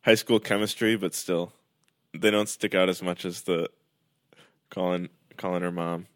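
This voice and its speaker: A man's voice: sits low, steady tone, normal speed, a bit bright, no echo, clean studio sound. A young man in casual chat, reacting with laughs and exclamations.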